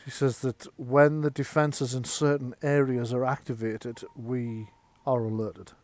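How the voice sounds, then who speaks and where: A man's voice: mid-range voice, level tone, a little slow, a little mellow. A man narrating as game master of a tabletop game, with chatty, filler-filled storytelling.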